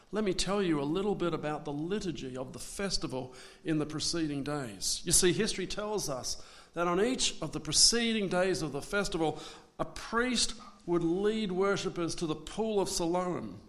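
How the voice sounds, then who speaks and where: A man preaching a sermon, swinging between loud dramatic declarations and hushed asides. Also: a little high, normal speed.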